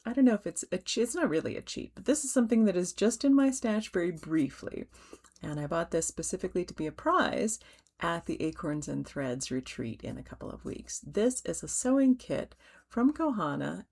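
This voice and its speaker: A middle-aged woman hosting a stitching vlog, chatting gently with soft fillers and restarts and yawning now and then. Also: medium pitch, vocal fry. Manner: yawns while talking. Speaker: cross-stitch designer and vlog host. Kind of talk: casual show-and-tell vlog.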